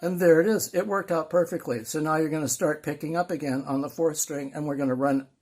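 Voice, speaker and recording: A man's voice: fairly high pitch, steady tone, fairly quick, a little mellow. An older man teaching guitar in a casual, rambling, self-deprecating way, with guitar playing behind him.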